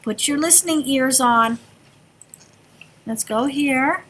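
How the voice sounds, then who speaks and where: High sing-song kindergarten teacher. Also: female voice, takes it slowly, a bit bright, slight background noise. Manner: sing-song, encouraging, talks to small children. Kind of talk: classroom instruction. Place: classroom.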